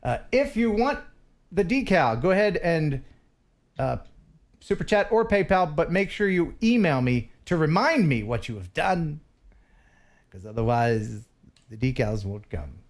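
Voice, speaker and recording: An American man hosting a casual live stream, playful and quick to laugh as he reads viewer messages. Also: a little high, sing-song.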